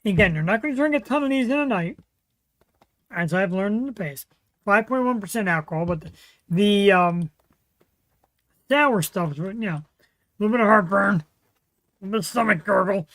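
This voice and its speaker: A male host talks through his own livestream in a loose, rambling way, stacking fillers and restarts as he goes. His voice sits close and dry on a desk mic with no room sound. He sounds relaxed and unscripted. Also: high-pitched, moderate pace, pauses often, no echo, rough recording. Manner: rambling, chatty, full of fillers. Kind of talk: casual solo livestream chat.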